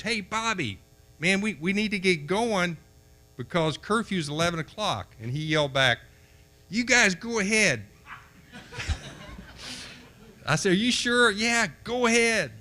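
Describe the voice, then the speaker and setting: Older man telling a lively story. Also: medium pitch. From Kentucky. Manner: animated storyteller, acts out the voices in his anecdotes. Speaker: banquet speaker. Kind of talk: storytelling speech.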